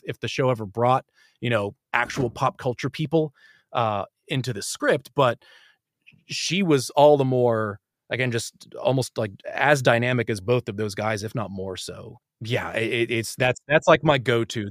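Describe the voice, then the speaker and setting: A man's voice: mid-range voice, dry recording, studio quality. A man chatting casually about voice actors, rambling, with many restarts and fillers. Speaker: podcast guest. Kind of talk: casual chat.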